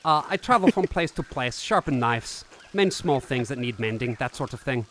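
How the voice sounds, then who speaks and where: A man voicing a soft-spoken wandering male tinker with a vague put-on foreign-sounding accent, as a live game voice-over. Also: mid-range voice, expressive, normal speed, slight background noise, natural voice.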